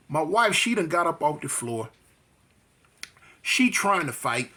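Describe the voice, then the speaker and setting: Animated raspy man telling a street story. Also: fairly high pitch, slow pace. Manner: acts out voices and fight sounds, slangy.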